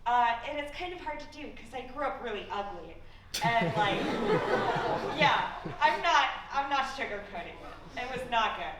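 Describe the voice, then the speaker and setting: A young adult woman doing a stand-up set, with deadpan, self-mocking delivery and frequent swearing. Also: on the high side, normal speed, over a noisy crowd. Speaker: stand-up comedian. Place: stage at a college comedy showcase. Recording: echoey room from far off with audience noise.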